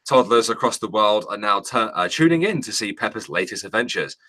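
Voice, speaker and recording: Bright-voiced man reading news stories. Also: lowish voice, expressive, brisk. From Britain. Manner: jokey, swears casually, frequent laughter. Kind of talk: casual chat.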